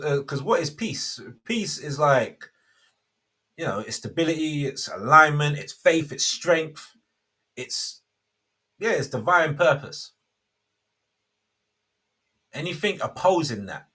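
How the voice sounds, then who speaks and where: A man's voice: mid-range voice, fairly bright tone, breathy edge. A man, hosting a casual faith talk and rambling with many self-interruptions. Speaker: host.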